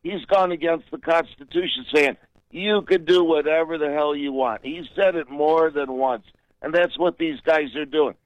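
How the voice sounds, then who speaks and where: A man's voice: on the high side, moderate pace, no room sound, lo-fi sound. A man calling in to a radio talk show, earnest and indignant, pressing his point insistently. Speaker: caller.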